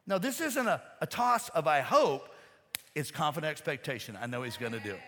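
Give me a high, bright-voiced preacher in a reverberant church hall. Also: male voice, animated, a little fast. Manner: folksy storytelling, talks to the congregation. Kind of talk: sermon. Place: church sanctuary.

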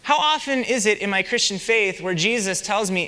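A man's voice: high-pitched, moderate pace, clean tone, long reverb tail. A young man preaching a sermon, telling stories and asking the congregation rhetorical questions. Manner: animated storytelling with rhetorical questions. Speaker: pastor.

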